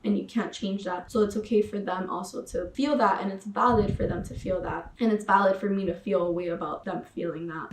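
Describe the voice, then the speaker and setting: A chatty woman vlogs in a relaxed, slangy way, speaking straight to her viewers. Her voice sits at a middle pitch. The echoey room and the mic set back from her make her sound a little distant. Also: a little fast. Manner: chatty, uses slang like sis and boo-boo. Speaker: vlogger. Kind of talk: casual spiritual vlog.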